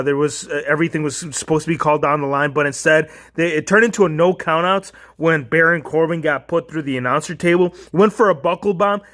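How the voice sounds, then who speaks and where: A man casually reviewing a wrestling event, joking and rambling, with quick mock voices now and then. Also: fairly high pitch, fairly bright tone.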